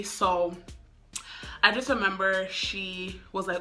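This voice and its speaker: A woman's voice: lowish voice, moderate pace, sharp tone, soft background music. A young woman telling a casual storytime, chatty and full of "like" and "um.". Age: young adult. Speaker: vlogger.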